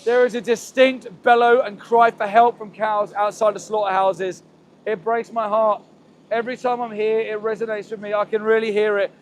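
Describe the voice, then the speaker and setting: A man with a strikingly high voice speaks urgently and emotionally on an outdoor livestream, repeating his pleas again and again. Faint traffic and ambience hum behind him as he talks into a handheld phone. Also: little pitch movement, moderate pace. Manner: pleading, repetitive, emotional. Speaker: activist livestream host. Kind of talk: impassioned live street commentary. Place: outdoors near a slaughterhouse.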